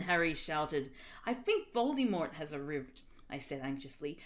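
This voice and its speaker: A woman's voice: deep voice, big pitch swings, moderate pace. A woman streamer reading fan fiction aloud on a livestream, giggling, reading melodramatically and tripping over misspelled words. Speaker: streamer host.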